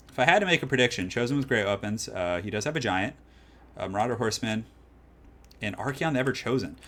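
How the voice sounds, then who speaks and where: A man casting a strategy game match live, moving from calm analysis to loud excited hype. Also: medium pitch. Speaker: streamer casting a tournament match.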